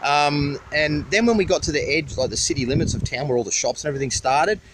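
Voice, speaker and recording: In a casual roadside travel vlog, an Australian man speaks fast in a fairly high voice, rambling through a story and swearing freely into a handheld camera. Faint passing traffic can be heard.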